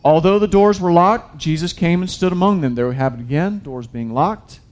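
Male pastor, slightly high voice, chatty sermon delivery with lots of restarts. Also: normal speed, a little mellow. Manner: conversational preaching, addresses listeners as guys, many restarts.

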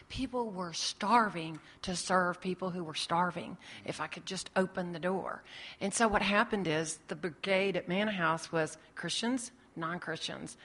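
Speaking to an audience, a woman shares her ministry testimony, acting out the voices in her dialogue. Her voice is on the low side and a bit bright, and the recording carries long hall reverb.

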